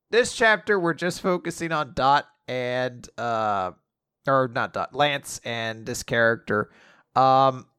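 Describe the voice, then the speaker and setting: A man's voice: mid-range voice, a bit bright, clean tone, no room sound, clean studio sound. A man co-hosting a casual show who recaps comic chapters in a loose way and laughs easily. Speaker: podcast co-host.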